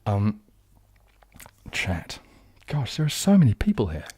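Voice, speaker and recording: This young New Zealand man, an ASMR streamer hosting a live chat, has an accent that leans southern English. His lowish, dark, slightly rough voice shows huge pitch swings at a measured pace in a dry recording, and he rambles casually and self-deprecatingly with many ums and restarts.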